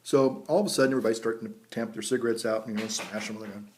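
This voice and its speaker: An American priest who runs a pipe vlog tells rambling, folksy stories outdoors beside a vineyard, chuckling at his own tales. His voice sits on the low side, his tone stays steady, and he talks in a rapid-fire way.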